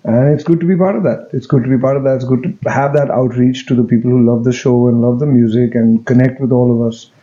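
A man, answering interview questions in a relaxed, joking way with many fillers and restarts. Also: mid-range voice, quick pace, hardly any pauses, muffled recording. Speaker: interview guest, music director.

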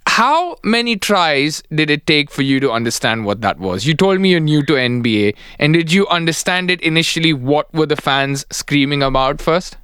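A male radio host with a smooth, resonant voice that sits a little high for a man. He talks with effusive enthusiasm, and the studio sound is close and dry with no room echo. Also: sing-song, moderate pace, few pauses, a bit bright. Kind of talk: radio talk show hosting.

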